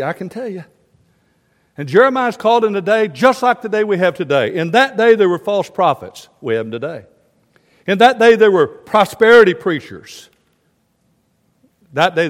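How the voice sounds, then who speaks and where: A male pastor preaching a sermon with passion, swinging between loud declaiming and quiet, confiding asides. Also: a little high, big-room sound.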